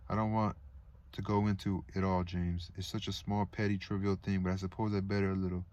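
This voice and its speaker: A man's voice: low voice, little pitch movement, brisk, a little mellow, dull audio, natural voice. A man reading the part of an emotional, wounded young woman who speaks plaintively.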